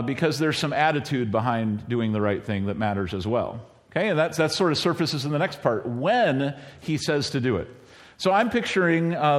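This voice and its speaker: A middle-aged man preaching a sermon in a conversational way, now and then acting out quoted lines in a higher voice. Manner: conversational, acts out quoted lines with bursts of high pitch. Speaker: pastor.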